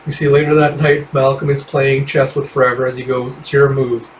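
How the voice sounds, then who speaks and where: A man's voice: mid-range voice, flat delivery, fairly quick, a little hiss or hum. A man casually narrating a game read-through, recapping scenes with fillers. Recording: roomy, distant mic.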